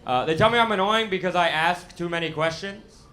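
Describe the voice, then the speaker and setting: A young American man with a lisp delivers stand-up in a bright, slightly raised voice. His self-mocking lines come out deadpan into a handheld stage mic, with a comedy club audience laughing around him. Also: high voice, brisk. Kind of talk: stand-up set.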